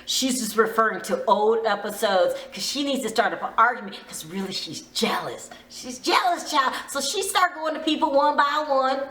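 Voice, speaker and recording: A woman's voice: on the high side, lively intonation, moderate pace, hardly any pauses, fairly bright tone. A woman vlogger giving a chatty, dramatic, gossipy recap. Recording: roomy echo.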